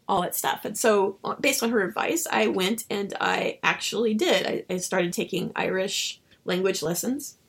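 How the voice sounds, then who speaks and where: A woman novelist being interviewed, telling stories in an animated way and acting out her own dialogue. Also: mid-range voice, moderate pace, gravelly, hardly any pauses, husky. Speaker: novelist guest. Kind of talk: casual interview storytelling.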